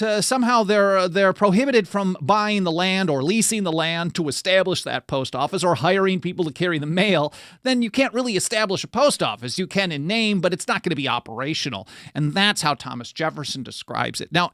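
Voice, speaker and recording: Explaining history in a conversational style, a male podcast host reads quotes aloud on his talk show, frequently using fillers and correcting himself. His voice is high-pitched and a bit bright, and the recording is dry and clean, studio-grade.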